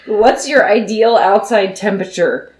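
A woman's voice: medium pitch, a little slow, echoey room. A woman hosting a casual podcast, chatty and self-deprecating as she asks the questions. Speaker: podcast host asking questions.

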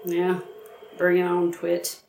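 A woman's voice: fairly low pitch, monotone, takes it slowly, creaky, a crowd in the background. A young adult woman co-hosting a podcast, teasing and persistent as she calls her partner out. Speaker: podcast co-host. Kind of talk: casual bickering chat. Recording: roomy home recording, faint hiss.

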